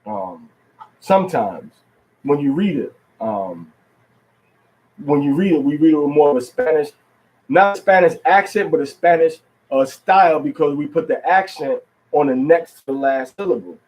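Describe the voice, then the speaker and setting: A man giving an informal religious lesson at home, quizzing his listeners with questions, repeating key words and reading scripture aloud slowly, stressing each syllable. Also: fairly high pitch, animated, darkish tone, low-quality recording. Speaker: religious teacher.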